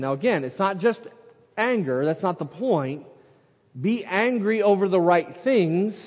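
Man, pastor, sermon, high voice, long reverb, swings from loud to hushed. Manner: reads scripture aloud, dramatic swings in loudness and pace. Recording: muffled sound with long hall reverb.

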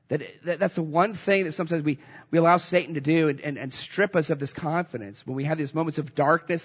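A man's voice: fairly high pitch, quick pace, husky, long reverb tail, dull audio. A man preaching an earnest, conversational sermon, often restarting his phrases as he works through a scripture passage. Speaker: pastor.

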